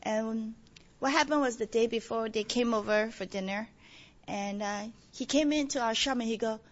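A woman giving a testimony, telling her story with animated quotes. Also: a little high, a little fast, dull audio. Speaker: church member giving testimony.

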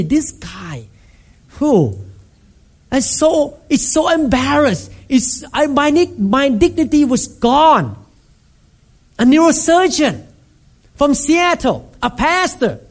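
A man preaching a sermon as a pastor, emphatic and repetitive, acting out scenes with sudden shouts. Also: very high voice. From Thailand.

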